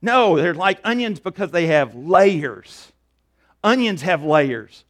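A man puts on a grumpy cartoon ogre who talks slowly and insistently. Each word is pressed home with emphasis. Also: high-pitched, lively intonation, exaggerated voice. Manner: slow, emphatic, explaining. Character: grumpy big green male ogre.

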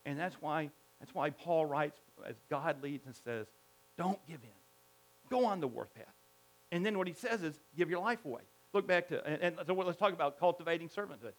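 A middle-aged man preaching a sermon as a pastor, emphatic and animated, often repeating himself and restarting phrases. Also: fairly high pitch, a little fast, hardly any pauses.

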